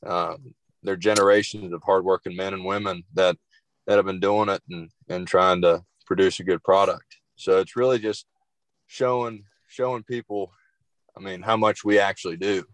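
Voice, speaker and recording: A young man, a cattle farmer guest, answering interview questions in a halting way with many restarts. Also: deep voice, steady tone, dry recording, poor audio.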